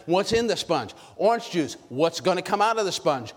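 A man preaching a sermon with lots of energy, calling out questions to the congregation and shouting at high points. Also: sing-song, moderate pace, husky. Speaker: pastor. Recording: long hall reverb.

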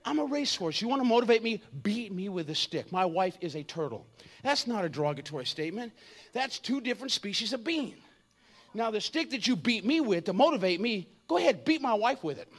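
A man in his fifties preaching an energetic, comedic sermon, joking and acting out voices. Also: high voice, brisk. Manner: animated, jokey, acts out voices, shouts at times.

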